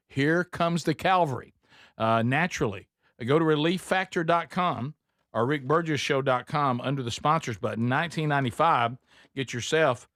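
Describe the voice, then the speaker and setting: A man's voice: medium pitch, dry recording. Man hosting a talk show, dry studio sound. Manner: rambling storyteller, restarts and repeats words. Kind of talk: casual chat and live ad read.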